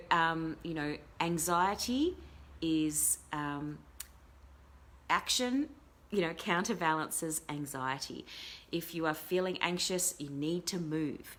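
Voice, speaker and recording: A woman's voice: low voice, takes it slowly, fairly bright tone. A middle-aged woman hosting a casual talk show as a life coach, chatting in a rambling way with many fillers and restarts. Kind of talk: casual live-stream talk.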